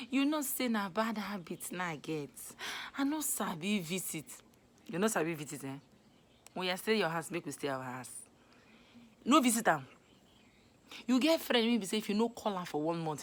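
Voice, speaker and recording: Young Nigerian woman, casual vlog monologue, animated and scolding, lowish voice. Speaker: vlogger. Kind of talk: casual Pidgin advice monologue.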